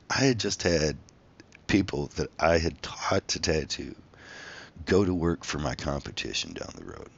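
A man, a tattoo artist, telling a profane, animated story about his past in a casual monologue. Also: a bass voice, vocal fry, breathy edge, muffled recording. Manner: profane, animated, reenacts his own outbursts. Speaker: tattoo artist and former reality show contestant.

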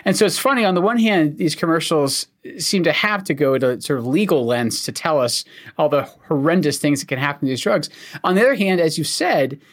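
A man with a mild Scottish accent talks in a fairly high voice on a casual podcast. He explains things in a measured way as a physician co-host and drops in dry jokes. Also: animated. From Scotland. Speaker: co-host, oncologist.

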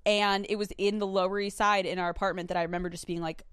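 A young woman hosting a podcast in casual chat, excitable and talkative, peppered with "like" fillers and the odd curse. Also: mid-range voice, quick pace, clean tone, no echo, studio quality. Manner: excitable and chatty, full of "like" fillers; swears casually. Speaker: podcast host.

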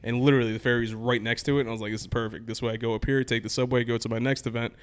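A man telling a long trip story in casual podcast chat, animated, acting out quoted exchanges. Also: medium pitch, very fast, clean tone.

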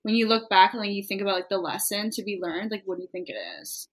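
A woman's voice: medium pitch, steady tone, quick pace, poor audio. A woman co-hosting a casual chat, listening closely and asking reflective follow-up questions. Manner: attentive, asks reflective questions. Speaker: podcast co-host.

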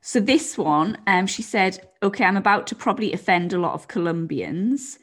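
A woman's voice: medium pitch, lively intonation, moderate pace, fairly bright tone. A woman co-hosting a casual podcast, chatty and teasing, filling her talk with "like". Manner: chatty, teasing, heavy use of "like". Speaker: podcast co-host. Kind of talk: casual chat.

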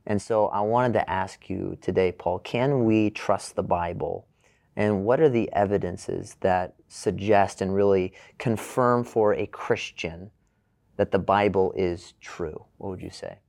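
Deep-voiced podcast host, dry sound. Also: male voice, a little slow, vocal fry, a little mellow, no echo. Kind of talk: podcast intro and interview questions.

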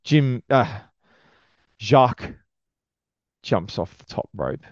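Brief: man, mid-pitched, rambling casual podcast recap, dull dry lo-fi recording. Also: animated, slow, dry recording. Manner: rambling, lots of fillers and self-corrections. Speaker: podcast contributor.

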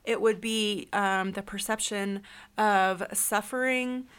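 In a solo, podcast-like spiritual talk, a woman reflects on self-help themes and earnestly asks the listener many questions, using fillers like um and you know. Her mid-range voice is slow, fairly bright, and clean, with fairly even intonation.

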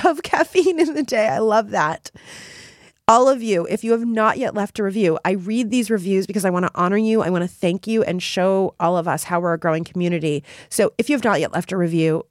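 A woman's voice: mid-range voice, no echo, studio quality. A woman hosting her own podcast, talking to listeners in an effusive, encouraging and emphatic way. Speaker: podcast host. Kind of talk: solo podcast monologue.

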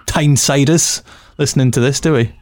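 A man hosting a casual football podcast, running through stats and fixtures in a brisk way. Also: mid-range voice, no room sound, clean studio sound. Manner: reads out match stats briskly. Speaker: podcast host.

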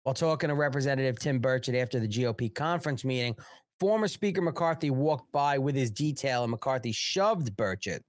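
A man's voice: medium pitch, lively intonation, normal speed, dry recording, clean studio sound. Crude, mocking male political host. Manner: crude, mocking, swearing and laughing. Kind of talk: live political commentary.

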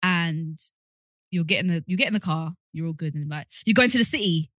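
A young woman co-hosting a podcast, giggling and telling animated stories. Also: on the low side, brisk, no room sound, clean studio sound. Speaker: podcast co-host. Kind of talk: casual chat.

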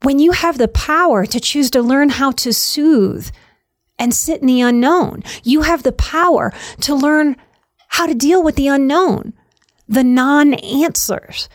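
A woman's voice: sits high, no room sound. Soothing woman with a dry close sound. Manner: slow, soothing, emphatic repetition. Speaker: self-help speaker on anxiety. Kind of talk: self-help talk.

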